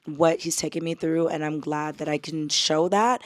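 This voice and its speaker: A woman's voice: deep voice, steady tone, moderate pace. Chatty young woman vlogging. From United States. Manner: chatty, many fillers, addresses viewers as y'all. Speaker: travel vlogger. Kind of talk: casual vlog chat to camera.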